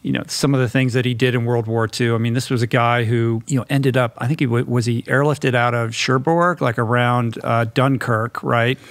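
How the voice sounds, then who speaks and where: Male podcast host with a gravelly edge. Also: mid-range voice, steady tone, no echo. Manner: engaged interviewer, quick reactions. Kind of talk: casual interview conversation.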